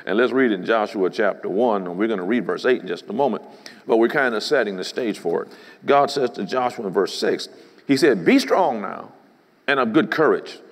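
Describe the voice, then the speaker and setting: A man's voice: fairly low pitch, vocal fry. A man preaching a sermon as a bishop, emphatic and rhythmic, often breaking in with "praise the Lord.". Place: church sanctuary. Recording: long hall reverb.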